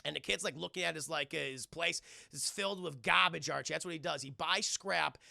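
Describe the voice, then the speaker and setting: A man streaming live, giving a casual, profane, animated recap of a film to his chat. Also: a little high, brisk, gravelly, no echo, clean studio sound.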